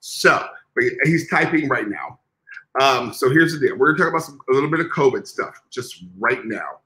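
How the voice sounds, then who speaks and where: A man's voice: mid-range voice, lively intonation, moderate pace, bright, forceful tone, poor audio. A man co-hosting a podcast in casual chat, sassy, dramatic and profane. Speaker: podcast co-host.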